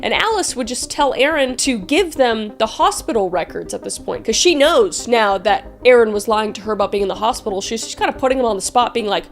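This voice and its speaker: A woman's voice: a little high, animated, brisk, hardly any pauses. A woman telling a true-crime story in a chatty, profane way, with frequent asides to the viewer.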